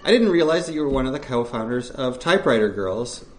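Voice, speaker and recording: A man's voice: mid-range voice, big pitch swings, fast talker. A man hosting a live reading night, introducing the next reader with easygoing, friendly banter. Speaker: host of a reading series. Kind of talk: casual event introduction.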